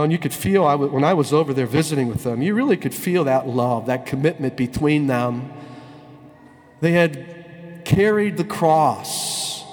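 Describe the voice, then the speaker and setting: A man, a priest, telling a story in a sermon, slowing down and stretching words to stress them. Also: fairly high pitch, big-room sound. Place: church.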